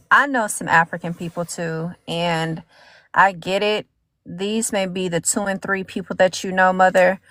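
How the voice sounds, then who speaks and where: A woman's voice: on the low side, a bit bright, no room sound. A woman from the United States, a panelist who holds her ground firmly and sighs between her points. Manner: firm, sighing, unbending. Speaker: panelist on a live audio discussion. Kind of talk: heated discussion.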